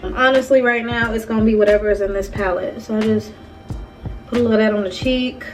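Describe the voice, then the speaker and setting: A woman's voice: fairly high pitch, steady tone, fast talker. A young woman in her twenties chatting playfully through a casual makeup tutorial, talking straight to her viewers. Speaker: beauty vlogger. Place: bedroom at home. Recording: distant mic with music behind.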